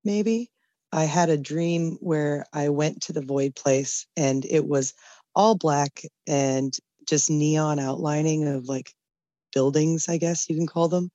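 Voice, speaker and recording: A woman's voice: deep voice, steady tone, slow, warm tone, dry recording, highs cut off. A woman caller telling a story in a rambling, hesitant way, with lots of "uh" and "like". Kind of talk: casual storytelling.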